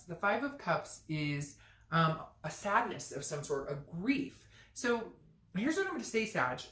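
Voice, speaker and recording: A woman giving a chatty, blunt tarot reading who swears freely and acts out little quoted voices. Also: lowish voice. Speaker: tarot reader. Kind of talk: casual tarot reading to camera. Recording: echoey room.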